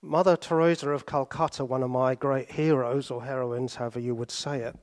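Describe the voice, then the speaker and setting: A British man preaching a sermon, telling stories with pauses and sudden drops to soft asides. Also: medium pitch, steady tone. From Britain.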